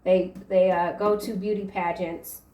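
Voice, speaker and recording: Slow, rambling woman tarot reader, echoey. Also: on the low side, flat delivery, recorded from a distance, lo-fi sound, slight background noise. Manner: rambling, halting stream of card interpretations. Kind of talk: casual tarot reading to camera.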